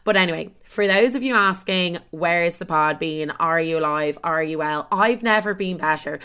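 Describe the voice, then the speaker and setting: A young Irish woman in her twenties chats through stories on her solo podcast. Her voice is bright and forceful, set slightly low. She swears freely, mocks herself and plays every mishap up for drama. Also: brisk, few pauses, clear, resonant tone. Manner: chatty, swears a lot, self-mocking and dramatic. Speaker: podcast host. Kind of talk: casual solo podcast storytelling.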